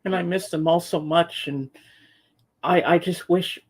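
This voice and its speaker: A man's voice: fairly high pitch, fairly even intonation, unhurried, husky. A man telling a long personal story in casual podcast chat, rambling with restarts and acting out what people said. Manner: rambling, acts out voices in quotes; frequent restarts and repeated words. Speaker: show regular.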